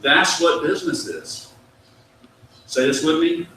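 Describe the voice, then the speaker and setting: Echoey, bright-voiced man giving a business talk. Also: a little high, animated, slow, slight background noise. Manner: storytelling, acts out dialogue, has audience repeat phrases. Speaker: business speaker. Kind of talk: motivational talk to a live audience. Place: meeting room with an audience. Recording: echoey room, mic at a distance.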